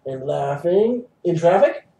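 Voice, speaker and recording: A mock-earnest improv news anchor speaks slowly and deliberately, with a mellow, dark tone and a lively, swooping pitch. The sound is roomy, as if picked up from a stage by a distant mic. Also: vocal fry, lo-fi sound. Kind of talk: improv comedy news parody.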